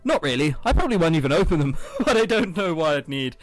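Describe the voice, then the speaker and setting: A man's voice: a little high, big pitch swings, fast talker, dry recording, soft background music, poor audio. A man voicing a polite, unsure new girl student while reading a visual novel aloud.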